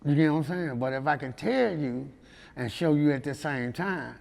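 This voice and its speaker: A man from Memphis, a rapper appearing as a guest, tells stories in a relaxed interview with lively intonation and a moderate pace. His slightly high voice has vocal fry and a darkish tone, his Southern accent is clear, and he laughs freely, often asking "you know what I'm saying" in a room that sounds big.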